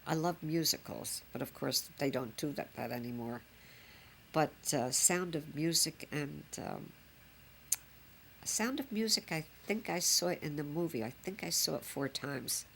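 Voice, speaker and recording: A woman's voice: sits low, measured pace, gravelly, slight background noise. An older woman, a grandmother reminiscing fondly in a chatty, rambling way. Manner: chatty, fond, rambling with fillers. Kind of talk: reminiscing home recording.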